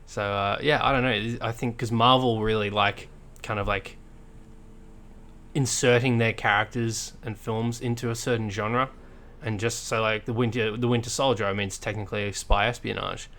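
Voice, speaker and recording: A man's voice: lowish voice, fairly even intonation, moderate pace, fairly bright tone. A man co-hosting a podcast in casual chat, blunt and sarcastic, rambling with lots of fillers and restarts. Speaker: podcast co-host.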